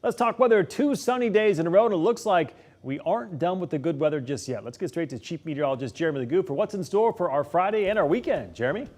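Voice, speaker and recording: A man anchoring a late-night local newscast, reading stories in a steady, measured way. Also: a little high. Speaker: news anchor. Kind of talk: scripted news reading.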